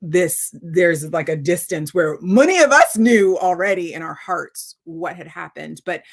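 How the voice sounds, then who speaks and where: Woman, author, video call, lively storytelling, voices the people she quotes. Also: deep voice, vocal fry. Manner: animated storytelling, acting out quotes. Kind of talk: virtual author talk.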